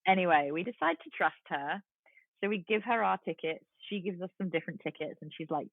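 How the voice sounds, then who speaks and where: A woman's voice: on the low side, brisk, creaky, no room sound. English lady in her 40s telling a story on a call, thin phone-y sound, dry, does all the voices. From London. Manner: lively, acts out quoted voices. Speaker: guest. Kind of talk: storytelling in a casual chat. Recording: tinny phone-like line, dry.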